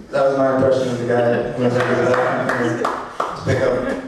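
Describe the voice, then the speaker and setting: Rambling stand-up comic, distant echo. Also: male voice, medium pitch, monotone, slight background noise. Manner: rambling, halting, full of fillers. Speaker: stand-up comedian. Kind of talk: stand-up set. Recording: echoey room from far off.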